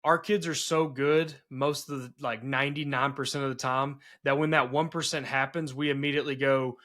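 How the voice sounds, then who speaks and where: A man's voice: mid-range voice, steady tone, fairly quick, a bit bright. A man hosting a podcast and telling family stories earnestly, with many restarts. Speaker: podcast host. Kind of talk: casual conversation.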